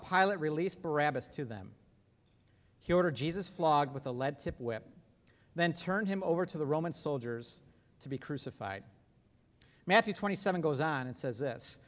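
A man delivers a sermon with a high, lively voice that rises and falls sharply. His preaching is emphatic and animated, and the volume swings widely from quiet asides to loud peaks. The sound carries a long hall reverb.

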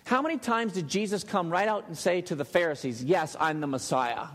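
A male pastor preaching a sermon in a church, emphatic and dropping to a hush on key words. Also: high voice, brisk. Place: church sanctuary. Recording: long hall reverb.

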